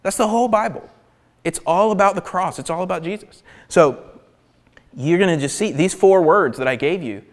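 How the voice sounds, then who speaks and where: A man preaches a sermon in a fairly high voice. He is animated and emphatic, and he sinks to near-whispers to press a point. His words ring out with a long reverb, as in a large hall. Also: moderate pace.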